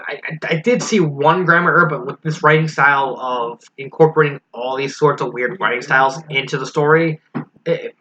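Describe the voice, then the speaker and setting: Bright-voiced man giving a frank review. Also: on the high side. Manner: frank, critical, thinking aloud. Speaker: fan fiction reviewer. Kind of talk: casual spoken review. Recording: slightly dull lo-fi recording with faint hiss.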